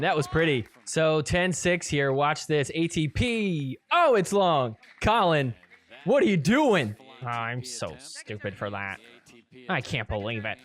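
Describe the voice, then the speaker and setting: A man hosting a podcast, giving a casual, teasing play-by-play recap of match footage and laughing often. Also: fairly high pitch. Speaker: podcast host.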